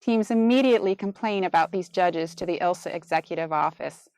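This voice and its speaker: A woman's voice: lowish voice, brisk, a little mellow, dry recording. A woman reading a scripted, formal instructional narration that walks judges through a procedure.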